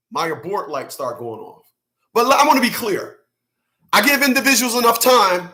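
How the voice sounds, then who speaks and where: A man with a high, bright voice delivering a profane, blunt rant to his viewers. He hammers his points home by repeating single words and curses freely. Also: very animated, normal speed. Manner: blunt, heavy cursing, repeats words for emphasis. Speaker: channel host commenting on clips. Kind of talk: profane reaction commentary.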